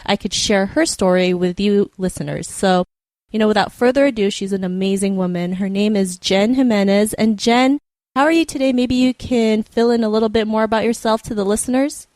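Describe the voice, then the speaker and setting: Canadian woman podcast host, friendly and eager, mid-pitched, dry close recording. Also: a little fast, darkish tone, no room sound. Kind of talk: podcast interview hosting.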